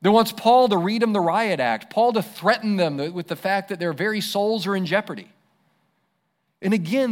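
A man preaching a sermon as pastor, conversational and emphatic. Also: sits high. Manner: conversational, emphatic, self-deprecating.

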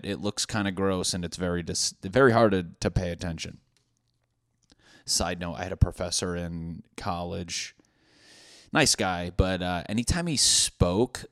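A man's voice: low voice, no room sound, studio quality. A man hosting a solo comedy podcast, rambling through profane tangents with laughing asides. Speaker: podcast host.

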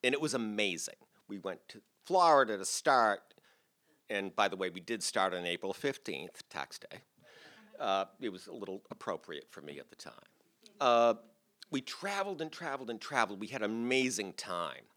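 A man's voice: on the low side, sing-song, normal speed, sharp tone. A man in his sixties telling a personal story on a theater stage to a live audience, in a chatty, self-deprecating way.

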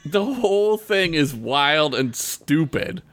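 A man's voice: on the high side, animated, slow pace, a bit bright. A man co-hosting a podcast, swearing and sarcastic through a casual recap. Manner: profane, sarcastic. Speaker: podcast co-host. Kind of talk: casual comedic recap chat.

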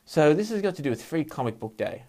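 A man's voice: a little high, very animated, fast, dark tone. Swearing man venting. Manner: heavy swearing, frank; worked-up, venting frustration. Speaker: podcast host. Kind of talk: casual solo monologue.

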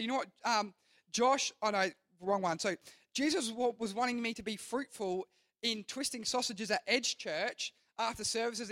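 Young man, youth pastor preaching, high voice, earnest rambling delivery full of restarts, dry sound. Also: a bit bright, dry recording. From Australia. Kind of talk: youth sermon.

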